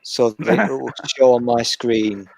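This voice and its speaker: A man's voice: mid-range voice, animated, measured pace, gravelly, no room sound. A man from Wales hosting a casual online chat stream, crude and teasing. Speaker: podcast host. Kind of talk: casual banter.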